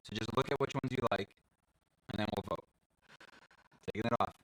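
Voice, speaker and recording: A man's voice: fairly low pitch, moderate pace, fairly bright tone, poor audio. Laid-back man hosting a livestream. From Connecticut. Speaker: livestream host and wand artist. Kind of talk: casual livestream chat.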